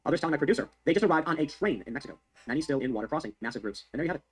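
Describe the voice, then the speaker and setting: A man's voice: fairly high pitch, lively intonation, very fast, slightly rough. A man delivering heated, sarcastic political commentary on the news, repeating his points for emphasis. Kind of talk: fast ranting news commentary.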